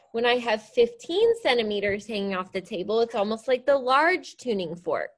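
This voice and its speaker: A woman's voice: mid-range voice, a bit bright, a little hiss or hum. A woman teacher leading a science lesson, explaining step by step in an upbeat, encouraging way. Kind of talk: classroom science demonstration.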